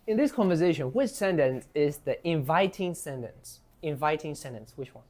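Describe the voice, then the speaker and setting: A man's voice: a little high, lively intonation, moderate pace, darkish tone. A man teaching an English class, asking students questions and modeling phrases for them to repeat. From Myanmar. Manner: encouraging, asks questions, models phrases for repetition.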